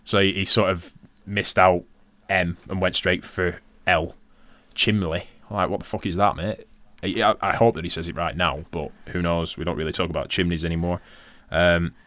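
A man's voice: low voice, a bit bright, no room sound. A man with a Lancashire accent, co-hosting a podcast in casual chat, swearing freely and laughing often. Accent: Lancashire English. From Lancashire, England. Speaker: podcast co-host.

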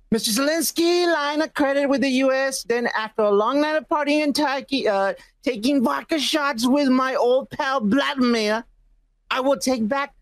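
A man reading a viewer comment as a boastful male politician, in a slow deliberate way. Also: very high voice, fairly bright tone, no echo, full character voice.

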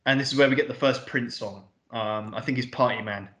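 In a casual film recap chat, a male podcast co-host with a brisk, mid-range, somewhat bright voice retells the movie scene by scene. The loose, rambling paraphrase of dialogue is full of swearing, and the recording has a roomy echo.

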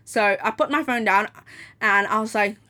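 A woman's voice: mid-range voice, normal speed. A young woman ranting in a casual vlog, swearing freely and acting out both sides of a phone call. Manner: animated, swears freely, mimics others; switches to Cantonese when quoting. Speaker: vlogger.

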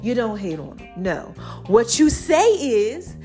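A woman's voice: fairly high pitch, big pitch swings, slow, warm tone, faint music behind. A middle-aged woman hosting a podcast in a sassy, preachy, casual monologue. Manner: sassy, preachy, sings and squeals some lines. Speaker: podcast host.

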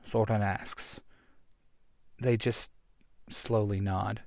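A man narrating an action adventure story in a lively, animated reading. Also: mid-range voice, slow pace, creaky, dry recording, clean studio sound.

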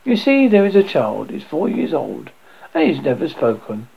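A man's voice: on the high side, wildly swooping pitch, moderate pace, creaky, dark tone, lo-fi sound, slight background noise. A man narrating a classic horror story in the first person, tense and lingering over each moment of dread.

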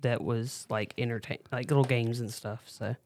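A man telling a story in a casual podcast chat, animated. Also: mid-range voice, normal speed.

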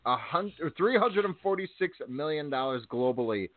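A man's voice: mid-range voice, lively intonation, normal speed, dry recording. Joking man, tinny podcast banter. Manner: joking, irreverent banter with mild swearing. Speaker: podcast co-host. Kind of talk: casual chat. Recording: tinny phone-like dry sound.

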